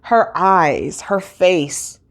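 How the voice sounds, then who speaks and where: A woman talks through an episode recap in an easygoing, rambling way. Her voice sits a little on the low side. She is full of fillers and restarts. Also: expressive, extremely slow. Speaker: host.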